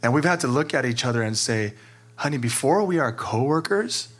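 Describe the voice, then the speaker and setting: A man's voice: mid-range voice, lively intonation, a little fast. A man who is a pastor, sharing candidly and with emotion, filling his talk with "like". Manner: earnest, emotional, many "like" fillers.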